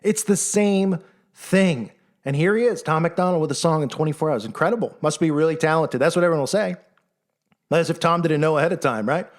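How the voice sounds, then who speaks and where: Sarcastic male commentator, fairly high voice, animated monologue. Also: fast. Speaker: online commentator.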